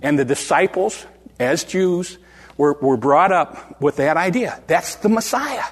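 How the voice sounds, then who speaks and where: A man's voice: fairly high pitch, lively intonation, unhurried, husky. A man preaching an informal Bible teaching to his congregation, talking conversationally with frequent restarts and repeated words. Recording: long reverb of a church hall.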